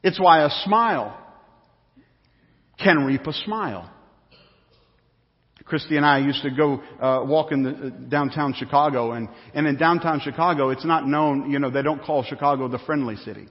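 A pastor with a slightly high voice speaks at normal speed, preaching to a congregation in a relaxed, anecdotal storytelling manner that often repeats itself. The church sanctuary recording echoes and sounds dull.

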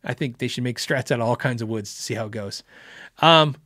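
Hosting a live guitar stream, a man answers viewer questions in a brisk, sharp-toned voice of medium pitch. He rambles casually and laughs as he acts out quotes, recorded with clean studio quality and no echo.

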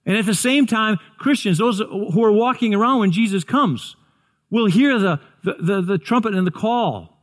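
A man's voice: high voice, moderate pace. A man preaching a sermon, earnest, often repeating and restarting words. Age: 60s. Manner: earnest, stumbling restarts, builds to excited shouts. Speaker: pastor.

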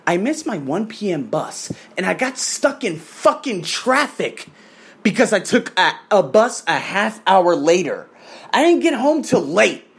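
Animated, profane man in his thirties. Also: high voice. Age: 30s. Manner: animated, profane storytelling with mimicked voices. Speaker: coach. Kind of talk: casual vlog rant. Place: abroad in Thailand.

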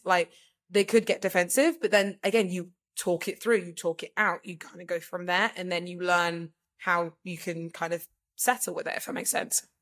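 A woman's voice: on the low side, a bit bright. Rambling woman podcaster. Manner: rambling, filler-heavy, says "like" constantly. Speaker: podcast co-host. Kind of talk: casual chat.

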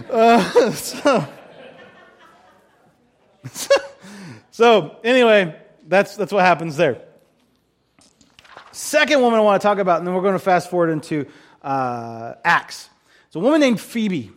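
A male pastor with a high, light voice gives a loose, joking sermon. He talks in a chatty way, breaks off his own sentences and throws in quick comic voices to tell the story. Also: animated. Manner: chatty, self-interrupting, acts out quick voices for laughs. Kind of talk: casual sermon with jokes.

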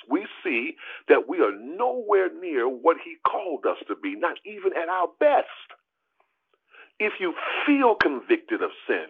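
Gravelly pastor preaching over a phone line. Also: male voice. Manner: animated preaching, rising high for emphasis, addresses listeners as y'all. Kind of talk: sermon over a prayer call.

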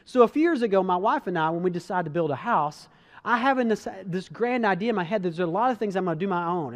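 High-voiced man telling earnest stories. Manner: earnest, conversational, frequent restarts, addresses listeners as guys. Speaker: speaker giving a motivational talk. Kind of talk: earnest storytelling talk to an audience.

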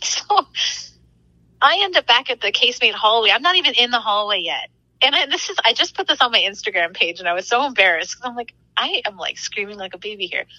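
A young woman, a podcast guest and author, chatting excitedly about her experiences and laughing often as she tells stories. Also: on the high side, brisk, no echo, rough recording. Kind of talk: casual storytelling.

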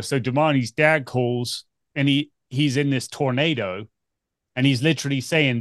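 Man, podcast host, medium pitch, relaxed conversational questions, dry close sound. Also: normal speed, no room sound. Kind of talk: podcast interview.

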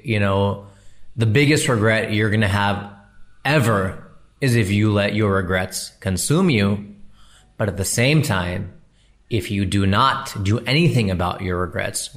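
A young man with a somewhat low voice hosts a solo podcast. He speaks casually and candidly, wandering between thoughts and often correcting himself as he goes. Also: a bit bright. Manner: rambling, candid, self-interrupting. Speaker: podcast host.

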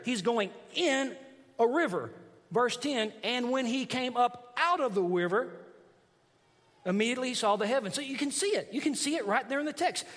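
A pastor with a notably high voice preaches to his congregation, reading verses and breaking in with emphatic asides. His voice carries a long reverb from a large church sanctuary. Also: a bit bright. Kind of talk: sermon.

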